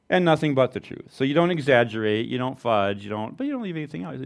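A male pastor delivers an informal, conversational sermon. His voice moves lively up and down in pitch, and his plain, everyday phrasing is broken up by self-deprecating asides. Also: fast, gravelly, few pauses.

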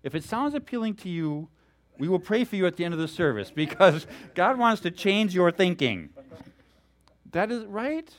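A male pastor giving a sermon in an animated, storytelling way, chuckling often as he talks. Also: high voice, normal speed.

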